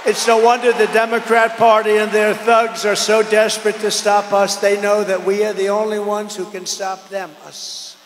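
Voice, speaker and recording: An older man giving a campaign rally speech, rambling and repetitive, swinging between loud declarations and low asides. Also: level tone, normal speed, few pauses, some chatter behind, a little hiss or hum. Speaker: political candidate at a rally. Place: large outdoor or arena rally. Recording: echoey hall with long reverb.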